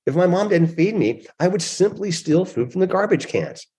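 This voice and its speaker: A man's voice: high-pitched, lively intonation, moderate pace, mellow, husky. A man in his sixties, a guest author, telling stories in an interview with emphatic delivery. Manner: emphatic, acts out quoted voices. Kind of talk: animated storytelling interview.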